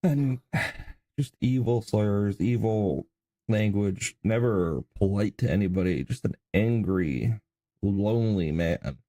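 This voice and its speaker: A man hosting a commentary show about video clips, speaking in a calm, measured, disapproving way. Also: lowish voice, dry recording. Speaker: host.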